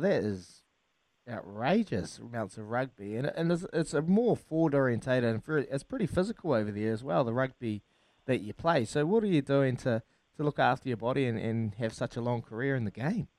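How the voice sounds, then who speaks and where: A man's voice: mid-range voice, animated, a little fast, a little mellow, no echo. A man interviewing a rugby player, asking long, rambling, chatty questions. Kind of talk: casual interview.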